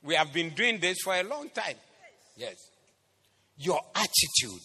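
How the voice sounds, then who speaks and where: A man with a Ghanaian accent preaching a sermon in church, moving between quiet asides and loud shouted exhortation. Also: sits high, sing-song, normal speed, pauses often, husky, big-room sound. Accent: Ghanaian English. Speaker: pastor. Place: church hall.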